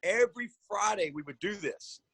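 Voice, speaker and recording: A middle-aged man, a football coach guest telling stories in a casual podcast chat, animated and lively. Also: moderate pace, gravelly, slightly rough, no room sound. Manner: animated storyteller, voices his own shouts high and loud.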